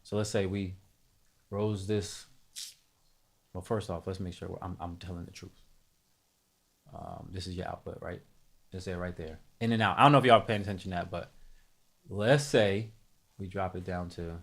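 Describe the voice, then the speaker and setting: A man's voice: low voice, normal speed, creaky, pauses often. A man hosting a live music production tutorial, talking casually to his chat, thinking aloud and correcting himself as he goes.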